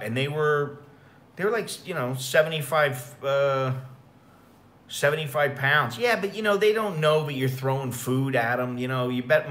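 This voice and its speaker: American expat dude rambling on a livestream, swears a lot, bright sharp voice, mid pitch. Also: male voice. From United States. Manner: rambling, profane storytelling. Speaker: expat vlogger. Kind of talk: casual livestream chat.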